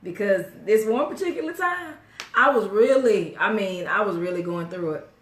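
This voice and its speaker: A woman's voice: medium pitch, normal speed. Woman, casual co-host, teasing, roomy echo, distant mic. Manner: animated, laughing, playful teasing. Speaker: podcast co-host. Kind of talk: casual couple's chat.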